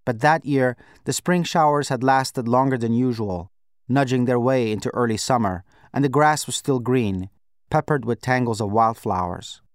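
A man narrating a novel in the first person, in a measured, reflective way. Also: mid-range voice, clear, resonant tone, dry recording, studio quality. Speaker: audiobook narrator. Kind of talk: scripted narration.

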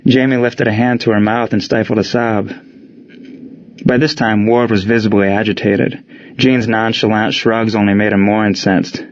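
A man reads an audiobook narration in a steady, even manner at a middle pitch. The recording has a slightly muffled, dull sound. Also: moderate pace.

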